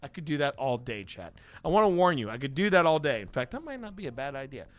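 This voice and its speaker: A man's voice: a little high, very animated, fast, faint music behind. A man hosting a live stream in a casual, rambling, playful way, chatting to his viewers and to his cats. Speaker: host.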